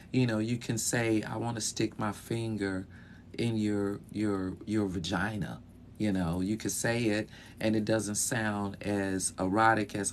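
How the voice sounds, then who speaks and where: A man giving casual, conversational advice as a clinical sexologist, talking in a relaxed way with frequent fillers, recorded inside a bedroom closet. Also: medium pitch, a little hiss or hum. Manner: relaxed, conversational, many "you know" fillers.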